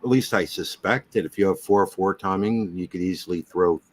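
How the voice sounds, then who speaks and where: Deep-voiced man asking curious questions. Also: brisk. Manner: curious, asks beginner questions with many restarts. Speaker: host. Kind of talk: casual chat.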